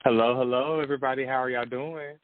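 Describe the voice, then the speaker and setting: A man's voice: mid-range voice, fairly even intonation, fast. A man calling in as a guest on a casual talk show, friendly and a little flustered. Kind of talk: casual chat. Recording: tinny phone line with hiss.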